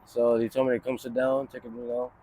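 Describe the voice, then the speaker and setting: A man's voice: medium pitch, monotone, fairly quick, dark tone. A man in his thirties telling a long story in a casual street interview, rambling, swearing often and leaning on "you know" and "like". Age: 30s. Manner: rambling, profane, many fillers like "you know". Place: outdoors on a city street near a bus stop.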